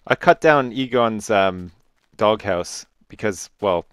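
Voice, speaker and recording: A man's voice: lowish voice, animated, slow, fairly bright tone, smooth, no echo. A man co-hosting a casual gaming video, sarcastic and teasing, often laughing. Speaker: co-host Minecraft let's play. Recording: dry close mic with faint music.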